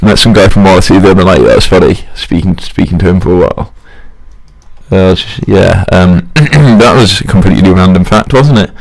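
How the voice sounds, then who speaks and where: Deep gravelly young Englishman rambling. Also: brisk. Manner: rambling, self-mocking, chuckles at own jokes. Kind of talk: rambling casual monologue.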